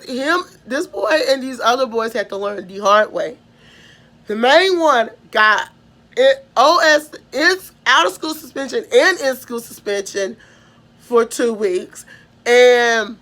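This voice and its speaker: Rambling Southern woman, slightly high voice. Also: fairly bright tone. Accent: Southern American (Mississippi). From Mississippi, USA. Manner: rambling, with many restarts and "da, da, da" trailing off. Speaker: vlogger. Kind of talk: personal storytelling.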